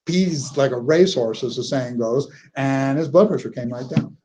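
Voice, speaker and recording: A man's voice: medium pitch, moderate pace, hardly any pauses, mellow, lo-fi sound. A man giving a neurology lecture, telling clinical stories in a conversational way and often checking in with "okay?". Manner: conversational, anecdotal, frequent "okay?" check-ins. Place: lecture hall.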